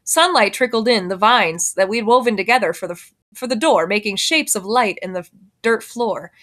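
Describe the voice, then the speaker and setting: A woman reading a children's novel aloud in a gentle, even storytelling manner. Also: mid-range voice, normal speed. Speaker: reader.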